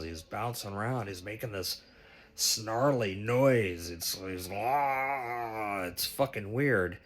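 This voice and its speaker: Lowish-voiced man, swearing and animated. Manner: animated, profane, breathless retelling. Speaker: vlogger recounting a dream. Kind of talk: casual storytelling.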